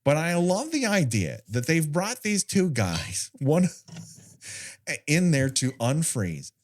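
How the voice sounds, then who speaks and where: A man's voice: on the high side, huge pitch swings, takes it slowly. A man cohosting a podcast, making wry jokes and laughing often. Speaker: podcast co-host. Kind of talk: casual podcast chat.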